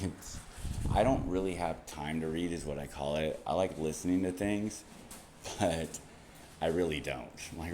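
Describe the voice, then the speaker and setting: A man's voice: a bass voice, darkish tone, a little hiss or hum. A young man talking to camera in a rambling, casual monologue, laughing often and swearing freely. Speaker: vlogger.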